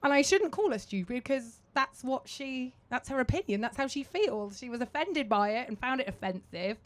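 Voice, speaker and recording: A British woman speaking as a guest on a live stage, telling self-mocking stories in a lively way and laughing often. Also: sits high, normal speed. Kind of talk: lively anecdotal stage talk.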